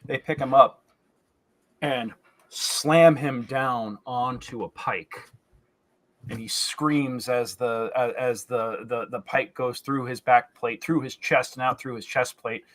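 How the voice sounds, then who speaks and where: A man's voice: medium pitch, fairly even intonation, measured pace, hardly any pauses, fairly bright tone. A man narrating as game master, describing scenes in a loose, searching way with fillers and restarts.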